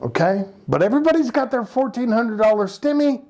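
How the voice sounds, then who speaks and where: An American economic commentator rants casually about the economy in an opinion vlog, passionate and sarcastic and full of rhetorical questions. His voice is mid-range, animated, a little fast and darkish in tone.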